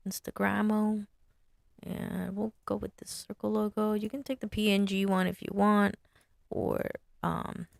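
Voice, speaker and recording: In a studio-quality recording without echo, a woman with a creaky, mid-range voice talks casually through her sign design work. It's a screen-share walkthrough where she thinks aloud and mutters to herself at a desk mic.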